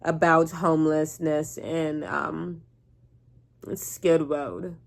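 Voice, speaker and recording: Young woman vlogger, low-ish voice, sleepy and rambling, swears casually. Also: flat delivery, extremely slow, creaky. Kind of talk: casual rant to camera.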